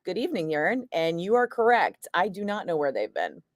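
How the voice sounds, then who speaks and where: A woman's voice: lowish voice, big pitch swings, brisk, dry recording, clean studio sound. A woman chatting casually on a livestream, reading viewer comments in a wry, chatty way that slips into swearing, tired from a migraine. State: battling a migraine. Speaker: radio host streaming live chat.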